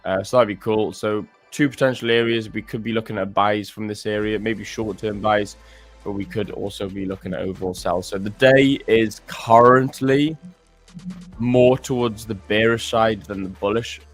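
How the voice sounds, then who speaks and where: A man's voice: lowish voice, steady tone, moderate pace, faint music behind. A man hosting a live trading stream, chatting casually and joking while he stammers and restarts as he walks through charts.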